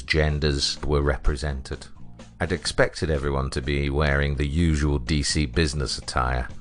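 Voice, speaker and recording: A man with a British accent narrating a comic story in a deadpan, wry way. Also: rumbling low.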